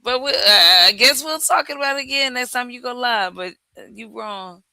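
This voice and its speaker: A hoarse man who is a guest on a livestream, chatting in a rambling, teasing way and repeating himself. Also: very high-pitched, normal speed, bright, forceful tone, no room sound. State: hoarse from yelling. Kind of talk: casual livestream chat.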